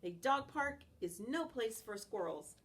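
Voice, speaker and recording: A woman voicing an eager, loyal pet dog in a storybook, in a higher, excited and pleading voice. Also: a little slow. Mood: scolding. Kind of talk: storybook character voice.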